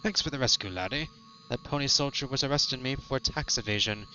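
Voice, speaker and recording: A man's voice: medium pitch, brisk, sharp tone, dull audio, slight background noise, voice pushed up. Man as a down-on-his-luck sea captain, folksy pirate brogue, sheepish and cheerful. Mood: grateful.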